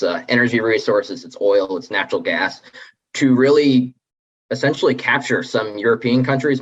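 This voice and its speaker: Low, husky man on a muffled line. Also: fairly bright tone. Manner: measured, explanatory, with fillers. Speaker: policy guest. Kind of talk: explaining policy in an interview.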